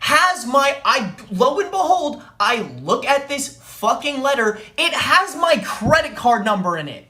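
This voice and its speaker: A woman's voice: sits high, sing-song, unhurried, hardly any pauses, sharp tone, reverberant, faint music behind. A woman streamer telling a story in an angry, profane rant, repeating phrases for emphasis. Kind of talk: ranting live-stream story.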